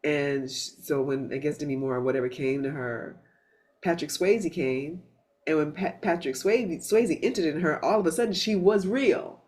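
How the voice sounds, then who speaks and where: Woman, satsang host, lower voice, loose, animated chat style with restarts. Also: normal speed. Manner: animated storytelling, swears, many restarts. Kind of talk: casual spiritual chat.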